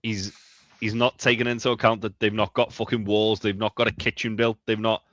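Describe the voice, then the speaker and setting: A man's voice: fairly low pitch, flat delivery, brisk, fairly bright tone, no echo. A man, co-hosting a casual TV recap podcast and rambling emphatically, swearing freely. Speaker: podcast co-host. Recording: dull, lo-fi, dry sound.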